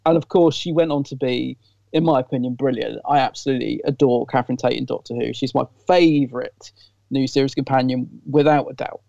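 A man's voice: mid-range voice, fairly even intonation, a little fast, gravelly, dark tone, no echo, lo-fi sound. A man co-hosting a casual podcast chat, sharing candid, enthusiastic fan opinions. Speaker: podcast co-host.

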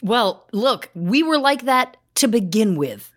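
A woman's voice: fairly high pitch, slow pace. A woman co-hosting a podcast in casual chat, telling stories playfully. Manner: playful, animated storytelling. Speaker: podcast co-host.

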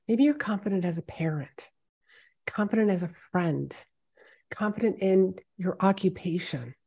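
A woman's voice: lowish voice, dark tone, slightly rough. Encouraging woman coaching on a podcast. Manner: encouraging, conversational, direct address. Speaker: podcast host and speaking coach. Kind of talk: solo podcast pep talk. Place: home office with high ceilings and hardwood floors.

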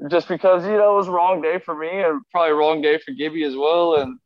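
A man's voice: on the high side, steady tone, fairly quick. Man telling a rambling story, lo-fi. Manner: rambling anecdote, acting out quoted lines. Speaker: interview guest. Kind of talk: casual storytelling interview.

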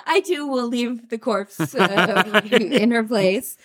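A woman's voice: fairly high pitch, slow. Teasing, laughing woman co-host. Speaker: podcast co-host. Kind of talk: casual chat.

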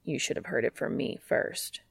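A woman reading fan fiction aloud and voicing an earnest, soft-spoken young man in a deep, quiet, formal tone. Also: moderate pace, dry recording, clean studio sound, lightly acted.

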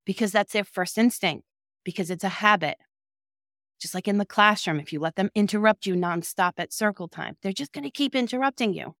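A woman's voice: mid-range voice, fairly quick, fairly bright tone, no echo, studio quality. A woman coaching child care directors in a direct, encouraging and emphatic way. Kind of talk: motivational talk to camera.

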